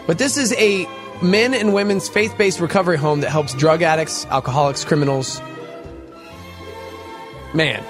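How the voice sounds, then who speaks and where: A man hosting a morning radio show, telling a story in an animated, casual way. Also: music in the background. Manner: animated, fast storytelling with big pitch jumps. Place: radio studio.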